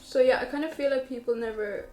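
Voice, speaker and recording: A young Irish woman with a slightly high voice chats away while doing her makeup indoors. She talks casually and giggles often, with plenty of fillers. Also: fast talker, heavy background noise. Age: young adult. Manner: chatty, giggly, lots of fillers. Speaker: vlogger. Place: indoors, getting ready.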